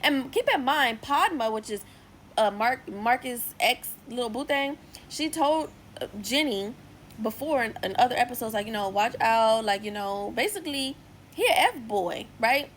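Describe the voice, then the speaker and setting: A young woman casually recapping a TV episode, chatty and full of "like" and lively asides. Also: a little high, normal speed, slight background noise, poor audio. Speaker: TV series reviewer. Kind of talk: casual episode review vlog.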